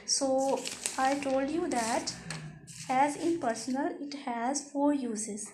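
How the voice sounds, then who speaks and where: High-voiced woman teaching slowly. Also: noisy background. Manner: slow, repetitive explaining with example sentences. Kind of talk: recorded grammar lesson.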